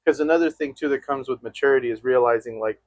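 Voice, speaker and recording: A young adult man, a guest talking about friendship in a reflective, measured way. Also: mid-range voice, dry recording. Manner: reflective, measured, thinks aloud with fillers. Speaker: guest, host's best friend. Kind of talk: candid chat between friends.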